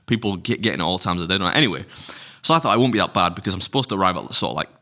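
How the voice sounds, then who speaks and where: A man's voice: deep voice, lively intonation, very fast, bright, forceful tone. A middle-aged man co-hosting a podcast, telling rambling anecdotes with plenty of swearing and laughs. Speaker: podcast co-host. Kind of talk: casual chat, storytelling.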